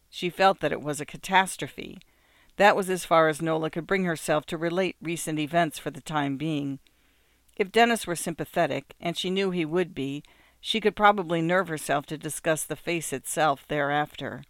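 A man narrating an audiobook in a measured, even storytelling manner. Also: on the high side, no echo, studio quality.

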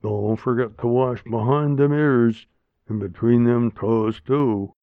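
A man's voice: medium pitch, slow pace, no room sound, close to an everyday voice. A man voicing a tired, plain-spoken old grandmother with a folksy, blunt way of talking. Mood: bossy. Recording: dry, tinny phone-like sound.

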